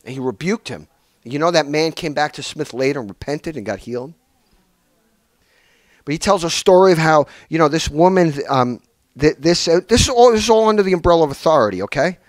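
Male preacher, animated storyteller, higher voice with swooping pitch, dry close sound. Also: brisk, no echo. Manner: animated storytelling with many restarts. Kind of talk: sermon. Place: small church hall.

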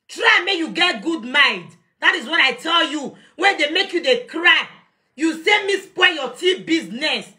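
Nigerian woman, young adult, heated live rant, high and bright, confrontational, phone mic. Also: very animated, measured pace. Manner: confrontational, defiant, shouting at times. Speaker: live-stream host.

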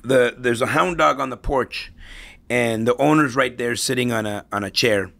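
With vocal fry and a fairly bright tone, a middle-aged man speaks at a medium pitch and normal speed. He's a podcast guest in a casual interview, telling anecdotes and frequently repeating and restarting his words.

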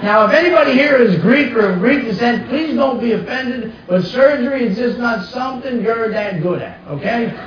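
A man's voice: extremely high pitch, animated, moderate pace, hardly any pauses. Guy doing standup, brash and punchy, muffled roomy live sound with hum behind. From New Jersey. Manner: brash storytelling with punchy asides. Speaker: stand-up comedian. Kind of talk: stand-up comedy set. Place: comedy stage before a live audience. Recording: echoey, distant, muffled live room.

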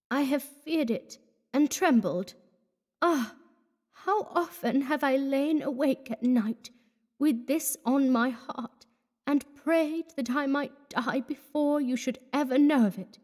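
A woman voicing a frightened young Parisian woman in love, speaking in a hushed, strained way. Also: high voice, slow. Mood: fearful.

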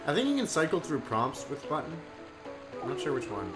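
A man's voice: a little high, wildly swooping pitch, fairly quick, echoey room. A young man co-commenting a let's play, teasing his friend with dry quips. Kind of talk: casual let's-play banter. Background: game music.

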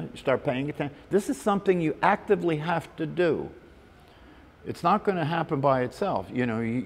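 A man in a hall with a long reverb tail leads a meditation talk in a conversational way. He keeps checking in with his listeners as he explains the practice, at a middle pitch. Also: darkish tone. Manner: conversational, repeats "right?" and "you know". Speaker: meditation teacher. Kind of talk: spiritual talk to a group.

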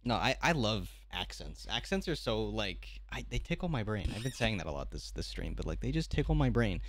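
Lively, foul-mouthed young streamer guy. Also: fairly low pitch, fairly quick, slight background noise. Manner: animated, swears a lot, restarts mid-thought. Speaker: streamer reacting to videos. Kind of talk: casual reaction chat.

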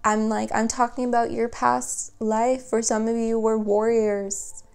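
A woman's voice: fairly high pitch, little pitch movement, measured pace, gravelly, darkish tone, clear, resonant tone. A woman giving a spoken tarot reading, chatty and earnest as she talks straight to her viewers. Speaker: tarot reader.

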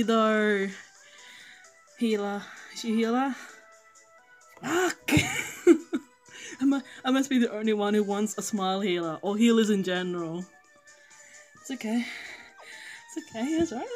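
A woman gives casual commentary on her mobile game pulls, pleading and swearing with frequent laughs. Her voice sits fairly high and she talks slowly, dragging out her words. Faint music plays behind her. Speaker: gaming streamer.

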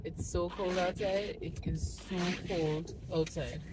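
A woman's voice: on the low side, fairly even intonation, takes it slowly, very noisy. A woman with a Jamaican accent chatting to her phone camera in a casual, storytelling vlog, now and then turning to talk to her toddler. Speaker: lifestyle vlogger. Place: car, outdoors in the cold and at home. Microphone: phone front camera.

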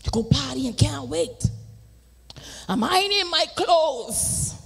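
A Bahamian woman testifies before a congregation in a very high, animated voice, taking her time with each phrase. She swings between shouted praise and near-whispers in a preacherly rhythm. Her voice rings out through a big sanctuary with a long hall reverb on the livestream. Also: slow pace, vocal fry, faint music behind. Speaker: church member giving testimony. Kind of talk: testimony in a church service. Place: large church sanctuary.

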